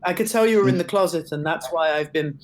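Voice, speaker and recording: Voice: mid-range voice, fast. A tabletop player talking in a playful, teasing way. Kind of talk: casual tabletop play.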